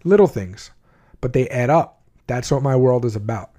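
Earnest man with a mellow voice. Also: mid-range voice, lively intonation, moderate pace. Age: adult, at least 20s. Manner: earnest, blunt and emotional, with frequent restarts. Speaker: vlogger telling his life story. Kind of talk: candid personal storytelling.

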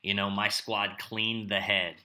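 Bright-voiced male podcast host. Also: lowish voice, level tone, a little slow. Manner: reflective, conversational, with fillers. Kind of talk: casual podcast interview and outro.

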